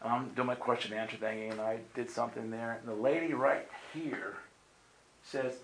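A male preacher tells a long story to a gathered crowd, switching into character voices as he goes. His voice sits at an ordinary middle pitch. The hall around him is roomy and echoing. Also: normal speed, a little hiss or hum. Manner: animated storyteller acting out voices. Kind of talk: storytelling sermon. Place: meeting room with audience.

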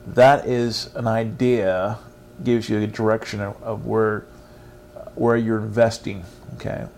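A man's voice: fairly low pitch, level tone, unhurried, darkish tone. A man giving an informal online faith lesson in an earnest, meandering, encouraging way. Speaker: Christian teacher.

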